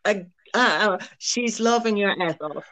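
A woman as a guest on a casual interview, hesitantly guessing at slang with many pauses. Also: medium pitch, fairly bright tone, no echo, poor audio. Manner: hesitant guessing, slow and unsure.

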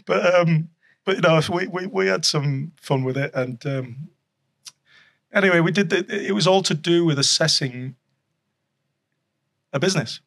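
Gravelly guy, bit husky, rambling chatty guest. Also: on the high side, normal speed, long pauses, a bit bright. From Yorkshire, England. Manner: rambling, chuckling storyteller with many restarts. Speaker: guest, former rugby league coach and official. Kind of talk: casual podcast chat.

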